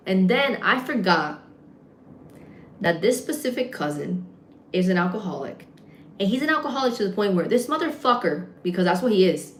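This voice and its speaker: A woman livestreaming, telling a story in a casual, animated way, swearing often and acting out the voices of other people. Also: mid-range voice. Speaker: livestreamer and gym content creator. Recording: echoey room.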